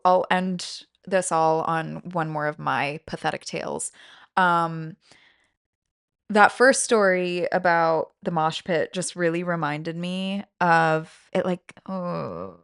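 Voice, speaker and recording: A woman's voice: lowish voice, clean tone, no echo, studio quality. A woman hosting a comedy podcast in casual, profane chat, telling a self-mocking story with big swings in energy. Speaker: podcast host.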